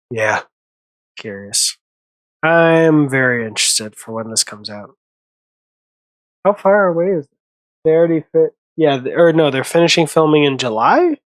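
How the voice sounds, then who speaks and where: A man's voice: mid-range voice, unhurried, pauses often, dry recording. A man hosting a casual movie commentary, rambling, correcting himself and laughing often.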